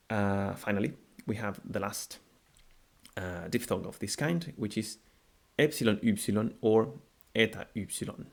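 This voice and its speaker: A man teaching a language lesson, speaking unhurriedly and repeating words slowly to model their pronunciation. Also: lowish voice, vocal fry. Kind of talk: explanatory video lesson.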